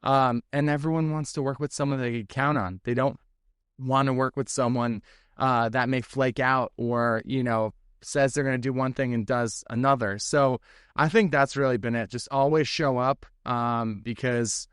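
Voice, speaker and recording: Man from New Jersey, interview guest at home; smooth, dry, casual with fillers. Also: medium pitch, moderate pace, dry recording. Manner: relaxed, many fillers. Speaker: guest, tech leader. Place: home office on a video call.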